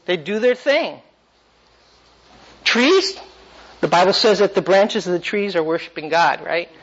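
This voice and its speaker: A man's voice: high voice, expressive, measured pace, fairly bright tone. Man teaching a Bible class, dull lo-fi sound. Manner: questions the class and animates points.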